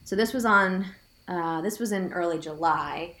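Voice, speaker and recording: A chatty woman in her thirties tells a personal story, peppering it with "like" and quoting what she said. Her voice sits fairly low, and the room around her gives it a noticeable echo. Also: moderate pace, fairly bright tone. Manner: chatty, many "like" fillers, quotes herself. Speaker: guest sharing her story. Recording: roomy echo.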